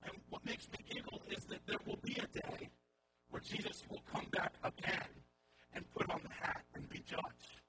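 A male pastor giving a sermon in a conversational style with wry asides, over a recording with hum and noise. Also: moderate pace. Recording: audible hum and background noise.

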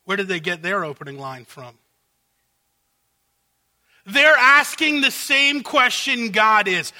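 A man preaching a sermon from the pulpit, his voice sitting high and cutting with a sharp, bright edge. He works through a passage verse by verse and breaks into dramatized paraphrases of the characters to make his point. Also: expressive, slow pace, long pauses. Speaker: pastor.

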